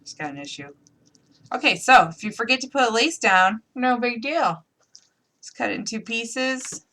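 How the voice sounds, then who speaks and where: A woman with a voice on the high side, lively intonation and a pushed, bright tone speaks at a moderate pace. The host of a live crafting tutorial, she has an upstate New York accent and is chatty and playful, thinking aloud through each step.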